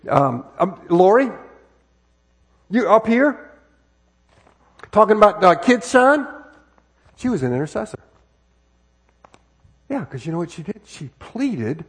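An American man preaches a sermon in a church sanctuary, speaking conversationally into a body-worn wireless mic with many rhetorical questions and repeated phrases. His high voice is sing-song and creaky, the pace slow with frequent pauses, and the sound slightly rough.

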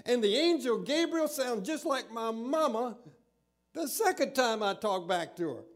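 A man preaching a sermon, reading scripture aloud and retelling it with expressive storytelling. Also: extremely high pitch, measured pace.

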